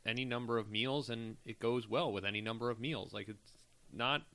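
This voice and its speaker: A man's voice: medium pitch, fairly quick, a bit bright. A man hosting a casual beer podcast, musing in an easygoing, rambling way. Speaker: podcast host. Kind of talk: casual chat.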